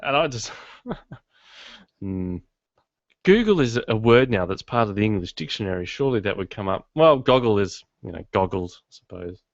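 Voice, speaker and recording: Low-voiced man hosting a casual podcast. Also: big pitch swings, moderate pace, no echo. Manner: rambling, self-deprecating humour. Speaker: podcast host. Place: home studio in his garage. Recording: dull lo-fi dry sound.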